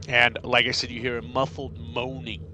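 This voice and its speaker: A man narrating a tabletop game as game master, halting and repeating himself with many fillers. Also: mid-range voice, level tone, noisy background. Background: background music.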